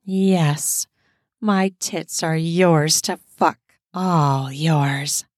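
A woman's voice: sits low, extremely slow, dry recording, studio quality. A woman voicing a scheming, commanding woman in an erotic audio story, speaking firmly and seductively. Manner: demanding, firm, seductive.

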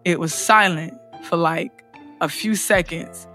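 A woman's voice: lowish voice, a little slow, soft background music. A woman who is a poet, telling her personal story in an interview and acting out other people's lines. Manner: emotional, acts out other people's lines in lively voices.

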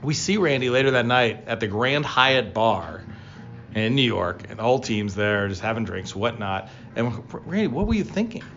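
A man co-hosting a baseball talk show tells player stories in a casual, animated way, his voice climbing when he gets excited. The recording sounds slightly dull and lo-fi. Faint music plays underneath. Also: normal speed. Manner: storytelling, animated, rising pitch when excited. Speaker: baseball podcast co-host, former player. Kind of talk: casual sports chat.

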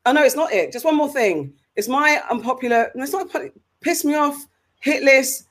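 A woman's voice: high voice, expressive, a little fast. A British woman co-hosting a casual podcast chat, ranting with animation and repeating herself. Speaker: podcast co-host.

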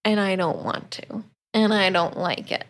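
A woman's voice: medium pitch, steady tone, moderate pace. A woman co-hosting a podcast, casually retelling a book's plot with quoted asides. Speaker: podcast co-host. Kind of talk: casual book review chat.

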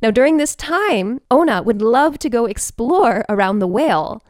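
A woman telling a personal story in an animated, expressive way, with quick bursts. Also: a little high, dry recording, clean studio sound.

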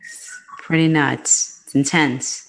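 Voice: medium pitch, steady tone, slow pace, vocal fry, fairly bright tone. Podcast co-host just agreeing, short replies, chill chat. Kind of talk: casual chat.

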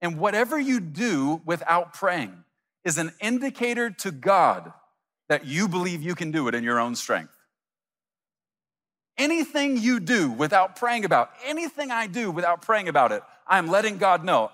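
A man preaching a sermon as pastor, animated, acting out imagined voices of his listeners. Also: high-pitched, normal speed, in a large hall.

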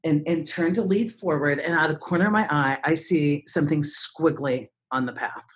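A woman in her forties who works as a speaker and trainer tells a dramatic story as a guest in an interview. Her voice sits low and moves at a moderate pace, and she animatedly acts out other people's voices.

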